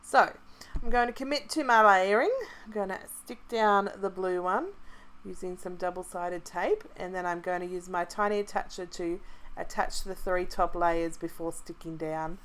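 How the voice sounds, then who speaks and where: Australian woman, slightly lower register, easygoing tutorial presenter who chats and self-corrects as she goes. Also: moderate pace. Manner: chatty, relaxed, thinking aloud with restarts. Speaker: craft kit club presenter. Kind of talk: casual craft tutorial voice-over.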